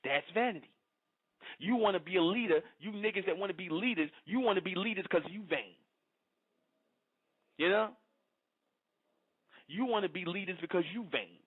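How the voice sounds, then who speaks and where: A man talks at his listeners in a long, preachy monologue. He pushes his points hard and keeps asking if they understand. His voice sits high and comes through thin and tinny, like a phone line. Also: normal speed, long pauses, breathy edge. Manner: confrontational, repeats "you understand?". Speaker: online speaker addressing followers. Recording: phone-like lo-fi audio.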